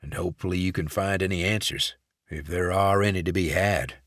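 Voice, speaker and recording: A man voicing a cold, ruthless male covert operative who speaks in a calm, clipped, controlled way. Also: sits low, brisk, no room sound, studio quality. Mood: feigned friendliness.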